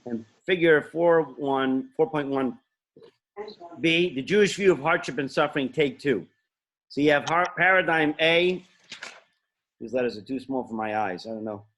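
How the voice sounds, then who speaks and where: A male teacher gives an informal lecture, talking casually and rambling as he goes. He often interrupts himself. His pitch sits in the middle range. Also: moderate pace, a bit bright.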